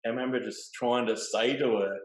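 A middle-aged man, telling a personal story in a relaxed, plain-spoken way. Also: medium pitch, brisk. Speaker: guest. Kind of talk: casual storytelling. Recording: roomy echo.

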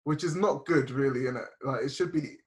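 A young man with a medium-pitched voice speaks fairly quickly as a podcast guest, reflecting openly on arguments with his girlfriend in casual chat. He restarts his sentences many times.

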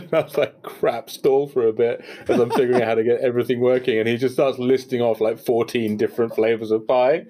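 A man talks over an online call after a tabletop session, with a slightly husky, breathy edge to his voice. He stops and restarts often and fills gaps with "uh" and "um." The tone is loose and chatty. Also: medium pitch, steady tone, dark tone. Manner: halting, many fillers and restarts. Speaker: game master. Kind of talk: casual post-game chat. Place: home setup in Singapore, online call.

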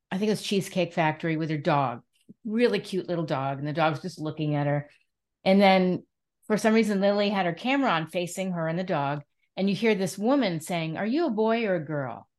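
A woman hosting an interview, telling stories in an animated, supportive way. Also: fairly low pitch, moderate pace. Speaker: host. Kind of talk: conversational interview.

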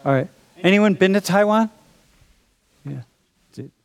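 A man's voice: high voice, expressive, measured pace, creaky. A man teaching a college class, talking in a joking, casual way and calling students dude and bro. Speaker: college instructor. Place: lecture classroom.

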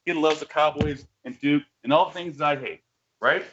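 A man's voice: a little high, moderate pace, muffled recording, background noise. A man co-hosting a casual sports podcast, rambling and profane, telling stories with lots of energy. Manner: rambling, profane, animated storytelling. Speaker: podcast co-host.

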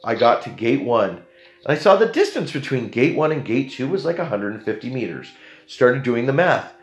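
A young Canadian man telling a story in a casual, animated way, jumping into the voices of the people in it. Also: mid-range voice, normal speed, echoey room.

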